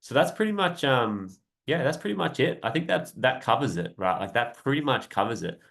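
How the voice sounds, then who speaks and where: A young man coaching viewers in a relaxed, rambling live talk, often tagging "right?" and laughing lightly now and then. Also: mid-range voice, fairly quick, vocal fry. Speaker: self-help coach. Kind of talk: casual live-stream talk.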